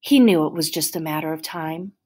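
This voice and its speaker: A woman reading as a soft-spoken tired doctor lady, low and calm, kind. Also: brisk. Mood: gentle.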